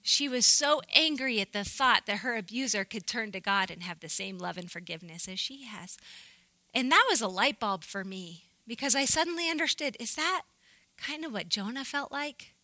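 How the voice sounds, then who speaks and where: A woman giving an earnest, animated Bible teaching to a women's group, often laughing as she talks. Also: on the high side, moderate pace, no room sound, poor audio.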